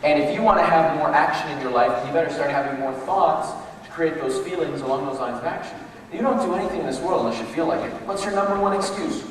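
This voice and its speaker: A motivational speaker gives an emphatic live talk in a large hall, speaking fast with a fairly high pitch and hardly any pauses. His storytelling is animated, and the recording is echoey from a distant mic, with a little hiss or hum.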